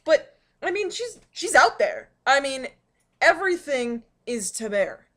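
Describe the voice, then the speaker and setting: High-voiced chatty young woman vlogging. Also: sing-song, a little slow, a bit bright. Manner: chatty and rambling, frequent ums and likes. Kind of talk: casual storytelling vlog. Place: home dining room, indoors.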